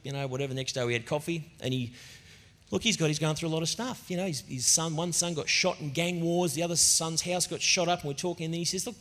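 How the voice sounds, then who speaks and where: A middle-aged man preaching a sermon as a pastor, telling stories in an animated, conversational way. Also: fairly high pitch, fast. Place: church auditorium. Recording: long reverb of a church hall.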